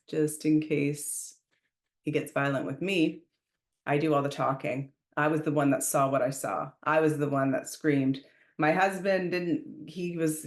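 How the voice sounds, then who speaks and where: A woman hosting a podcast, retelling a story in a casual, emphatic way and raising her voice when she quotes herself shouting. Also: sits low, echoey room. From Canada. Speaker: podcast host.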